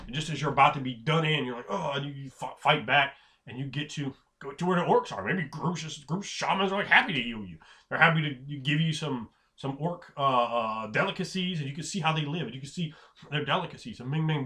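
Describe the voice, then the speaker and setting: A man talks through game master advice in a loose, rambling way. He stumbles over his sentences and restarts them, then drops into quick impressions of characters. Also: mid-range voice, a bit bright. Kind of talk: casual spoken tips on running tabletop games.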